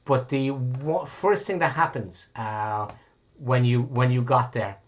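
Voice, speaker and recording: A man runs a tabletop game as game master, talking at an everyday middle pitch. He rambles and corrects himself as he goes, with offhand swearing. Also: steady tone, slow, dull audio. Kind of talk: running a tabletop game online.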